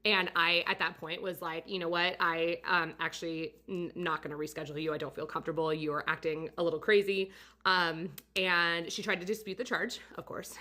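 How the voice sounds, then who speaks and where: A woman photographer casually telling a story about a client, chatty and full of fillers. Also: fairly low pitch. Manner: chatty, many fillers, animated retelling. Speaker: portrait photographer and studio owner.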